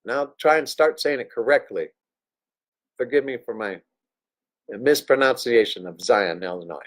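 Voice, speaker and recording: A man's voice: medium pitch, a little slow, fairly bright tone. A man hosting a livestream, telling a crude, joking story in a loose, digressive way. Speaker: livestream host. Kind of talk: rambling anecdotal storytelling.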